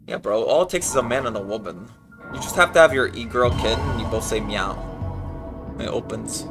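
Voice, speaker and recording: A man's voice: medium pitch, a little fast, gravelly, fairly bright tone, faint music behind. A man streaming a game, chatting casually and ad-libbing jokes over it. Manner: jokey, ad-libbing, breaks into laughter. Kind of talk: casual gaming stream chat.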